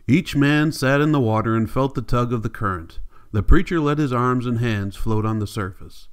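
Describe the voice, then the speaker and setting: Man reading an audiobook, smooth voice. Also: mid-range voice, moderate pace. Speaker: audiobook reader. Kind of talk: scripted narration.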